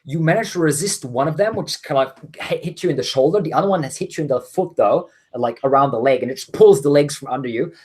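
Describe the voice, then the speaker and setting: A man's voice: on the high side, quick pace, hardly any pauses, darkish tone, husky. A man narrating as game master of a tabletop game, explaining rolls with many hesitations and restarts.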